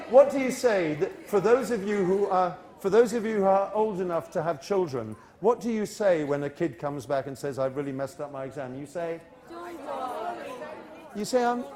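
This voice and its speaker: British guy running a teaching workshop, high voice, chatty, keeps fixing his own instructions, some crowd murmur behind. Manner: animated, self-correcting, coaxing the audience with quick asides. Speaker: English-teaching expert leading a workshop. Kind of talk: lively workshop talk drilling a large audience. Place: university lecture hall with an audience.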